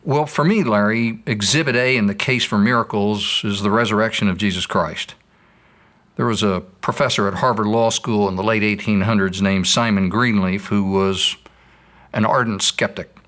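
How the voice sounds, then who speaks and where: A man's voice: fairly low pitch, moderate pace, fairly bright tone. A man patiently explaining his views in a scripted dialogue, using stories. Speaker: apologist answering questions.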